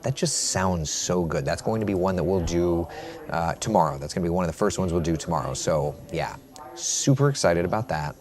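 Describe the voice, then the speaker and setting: A man hosting a live chat stream as a TV meteorologist, reading viewer comments and giving a relaxed weather and travel forecast, often repeating his phrases. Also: sits low, a little fast.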